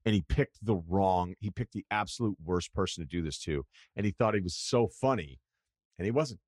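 Middle-aged guy hosting a podcast, lowish voice, rambly and swears a lot, dry mic. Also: moderate pace, darkish tone, no echo. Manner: rambling, profane, self-deprecating. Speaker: podcast host. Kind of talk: casual storytelling chat.

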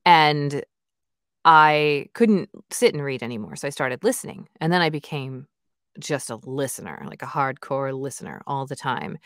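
Her voice sits low yet has a fairly bright, smooth tone, captured in clean studio sound without any room noise. An author and audiobook narrator, she chats through a relaxed interview with plenty of enthusiasm and frequent fillers like "like" and "you know."

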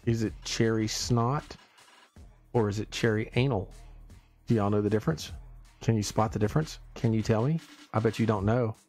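A man's voice: fairly low pitch, normal speed, darkish tone, faint music behind. A man hosting a casual live stream, rambling playfully with his viewers, stumbling over and repeating words, and often breaking into laughter.

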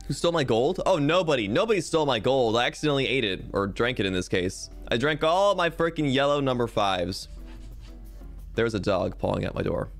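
A young man streaming a game, talking to his chat in a goofy, rambling way. His pitch leaps around a lot as he jokes and complains. Faint music plays underneath. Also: animated, a little fast.

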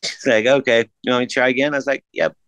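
A man telling a story as a podcast guest in a casual, laid-back way, swearing freely and jumping his pitch up to act out the voices of people he quotes. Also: steady tone, fast, a bit bright, smooth, dry recording. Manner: acts out quoted voices with big pitch jumps.

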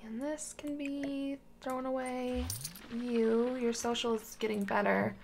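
A woman with a higher-pitched, darkish voice and gravelly vocal fry speaks slowly with little pitch movement over slight background noise. The gaming channel host chats through a life simulation game, coaxing and scolding its characters as if they were small children.

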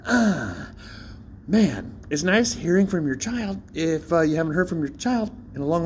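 Guy rambling into his phone outdoors, laughs a lot, bit of a higher voice, faint background noise. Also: very animated, measured pace. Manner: chatty, self-mocking, laughs often. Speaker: vlogger. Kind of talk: rambling casual monologue. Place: outdoors by a bridge.

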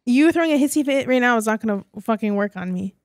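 A woman's voice: a little high, lively intonation, fast talker, no room sound, clean studio sound. A woman co-hosting a casual podcast. She is blunt and cutting and swears freely. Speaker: podcast co-host.

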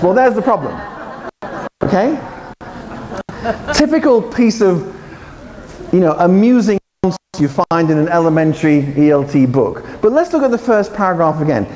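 A man giving a lively conference talk to teachers, playful and animated, quizzing the audience as he goes. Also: high-pitched, moderate pace, pauses often. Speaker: conference speaker, English teacher trainer. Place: large conference hall. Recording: echoey conference hall.

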